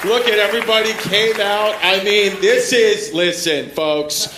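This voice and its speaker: A man's voice: high-pitched, unhurried. A male comedian closing a comedy club set, thanking the audience in a loose, rambling way. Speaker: stand-up comedian. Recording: echoey room with crowd noise.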